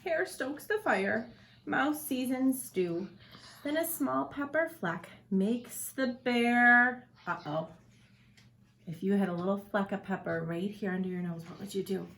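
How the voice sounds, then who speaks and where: Slow expressive woman reading to kids. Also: medium pitch, vocal fry, slight background noise. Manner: expressive, asks the children questions. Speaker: teacher. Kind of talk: picture book read-aloud for children.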